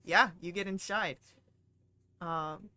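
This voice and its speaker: A woman running a tabletop game as game master, talking in a relaxed way with many fillers. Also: fairly low pitch, slow pace, no room sound.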